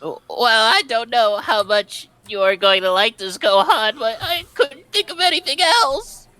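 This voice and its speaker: A woman's voice: a little high, lively intonation, unhurried, bright, forceful tone, dry recording, rough recording. A woman voicing a timid young alien boy. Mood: hesitant. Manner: earnest, apologetic, tearful pleading. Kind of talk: comedic fan-fiction dramatic reading.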